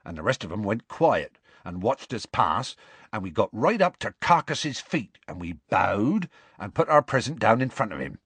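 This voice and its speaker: A man voicing Hagrid, a big gruff half-giant who tells the story in rough, homely speech. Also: fairly low pitch, very animated, a bit bright, no echo, exaggerated voice. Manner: rough colloquial grammar, slow homely storytelling.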